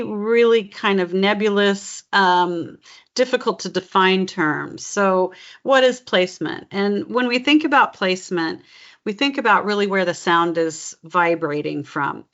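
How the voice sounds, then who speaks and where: A woman from California working as a dialect coach, explaining ideas in a measured, encouraging way. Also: mid-range voice, a bit bright. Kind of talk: one-on-one coaching session. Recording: dull lo-fi recording.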